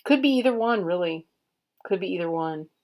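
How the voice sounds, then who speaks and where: A woman unboxing a card deck, murmuring card names in a soft, unhurried way and admiring the artwork. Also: fairly low pitch, lively intonation. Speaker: tarot reader and channel host. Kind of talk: casual unboxing commentary.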